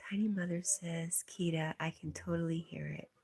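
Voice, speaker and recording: Livestream host, woman, deep breathy voice, relaxed chat with viewers. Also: moderate pace. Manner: reads viewer comments aloud, often softly whispered.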